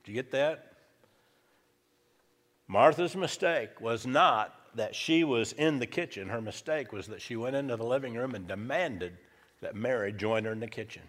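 A man's voice: mid-range voice, moderate pace, a bit bright. Male pastor, emphatic sermon delivery, repeats points, mid-range voice, long hall reverb. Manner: emphatic, repeats key lines for effect.

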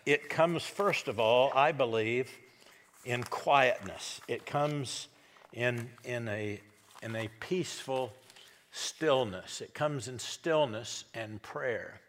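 A middle-aged pastor delivers a sermon in a folksy, storytelling way and acts out the characters as he goes. His voice sits at a middle pitch. Long reverb trails each phrase through the church. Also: a bit bright.

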